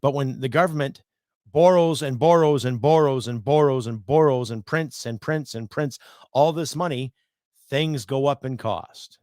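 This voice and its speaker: A man's voice: mid-range voice, unhurried, a little mellow, no room sound, clean studio sound. A man in his fifties hosting a solo podcast, ranting bluntly with profanity and sarcasm. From Canada. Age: 50s. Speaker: podcast host.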